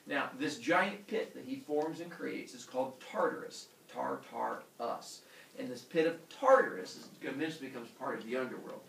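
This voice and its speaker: A man teaching a class, retelling a myth in a jokey, animated way and acting out the characters. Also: mid-range voice, a little fast, hardly any pauses, slight background noise. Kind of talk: classroom storytelling. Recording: echoey classroom from far off.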